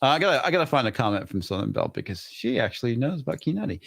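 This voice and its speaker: A man's voice: medium pitch, sing-song, very fast, vocal fry, fairly bright tone. A man hosting a casual live stream, reading out super chats and joking loosely after a few drinks. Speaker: host.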